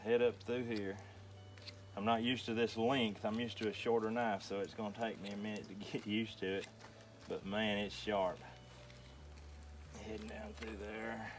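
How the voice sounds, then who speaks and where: A man's voice: on the low side, flat delivery, moderate pace, pauses often. Folksy middle-aged man teaching fish cleaning. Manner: folksy, easygoing step-by-step instruction. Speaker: homestead channel host. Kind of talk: how-to demonstration.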